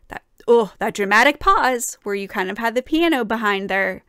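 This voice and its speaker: A woman's voice: on the high side, expressive, moderate pace, a bit bright, clean tone, no echo, studio quality. A young woman flute player reacting to a song, talking with enthusiasm and gushing praise, full of fillers and restarts. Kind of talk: casual reaction and analysis.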